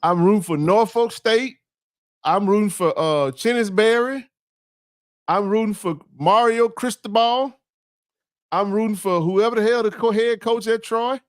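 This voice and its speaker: A man's voice: sits high, a little slow, no room sound, studio quality. A man hosting a casual sports chat, talking emphatically and repeating himself in playful trash talk.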